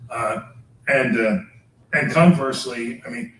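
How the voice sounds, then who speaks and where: An older man, a priest, lecturing teachers in a chatty way, chuckling often and tagging his points with quick questions to the room. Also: mid-range voice, a bit bright, a little hiss or hum. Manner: chatty, chuckling, tags remarks with "all right?". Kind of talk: lecture with personal anecdotes. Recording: echoey room, mic far off.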